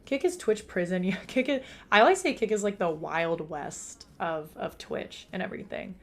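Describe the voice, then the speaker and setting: A young woman live streamer with a self-described monotone voice, chatting casually from her room at home. She reads and answers her chat as she talks. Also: fairly low pitch, brisk.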